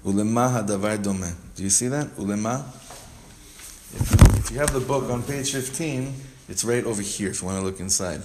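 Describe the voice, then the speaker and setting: A man's voice: lowish voice, brisk, very noisy. Man teaching a casual text class. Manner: explains step by step, repeats phrases, frequent restarts.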